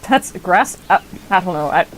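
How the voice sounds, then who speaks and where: A woman's voice: lowish voice, lively intonation, normal speed, slight background noise. A woman in her thirties streaming a game, muttering to herself and talking back at it. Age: 30s. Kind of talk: casual gameplay commentary.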